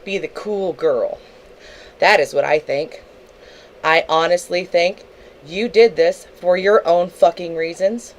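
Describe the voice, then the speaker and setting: Speaking slowly in a fairly low voice, a young woman rants angrily at another streamer during a livestream. She swears heavily and is openly confrontational, and the audio quality is poor.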